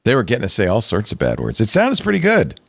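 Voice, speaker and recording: A man hosting a casual tech podcast, lively and jokey with quick reactions. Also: lowish voice, gravelly, no room sound. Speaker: podcast host.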